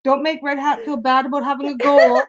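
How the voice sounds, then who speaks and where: Dry, teasing woman co-host, fairly high voice, muffled lo-fi audio. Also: flat delivery, brisk. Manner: teasing, dry, laid-back. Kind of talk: casual live stream chat. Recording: dull lo-fi stream audio.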